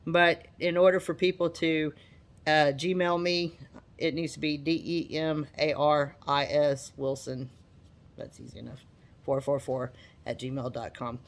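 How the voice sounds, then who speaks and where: A woman's voice: deep voice, unhurried. Chatty woman vlogger with a drawl. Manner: chatty, animated, repeats herself. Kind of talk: casual talk to camera.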